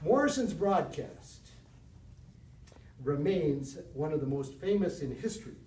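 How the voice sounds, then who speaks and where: A man giving a prepared speech in measured storytelling tones. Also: mid-range voice, very animated, mellow, slight background noise. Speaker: speaker at a speech club. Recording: roomy hall from far off.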